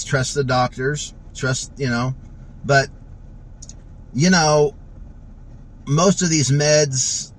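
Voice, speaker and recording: Halting, emotional man in a car. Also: medium pitch, rough recording. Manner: rambling, halting, many restarts and fillers. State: choked up, on the verge of tears. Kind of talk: emotional personal testimonial.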